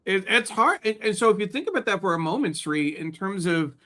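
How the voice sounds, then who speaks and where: Co-host: man, hesitant and reflective, bright, slightly high voice. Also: sing-song, a little fast. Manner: thoughtful, hesitant, many fillers. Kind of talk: casual news discussion.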